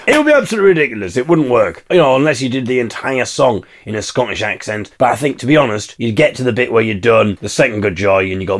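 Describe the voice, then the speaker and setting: A man's voice: medium pitch, lively intonation, fast, few pauses. A man from England hosting a podcast, delivering a wry, mock-indignant comic monologue and singing snatches of carols. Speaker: podcast host.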